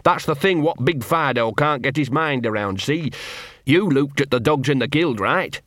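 Scruffy talking dog played by a male narrator, nervous and wordy, bit higher than plain speech, dry booth. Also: expressive, normal speed, a bit bright, no echo, natural voice. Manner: rambling, ungrammatical street talk, repeats himself.

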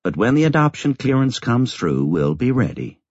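A man's voice: medium pitch, sing-song, normal speed, a little mellow, dry recording, highs cut off, voice pushed up. A man voicing a wry older nun.

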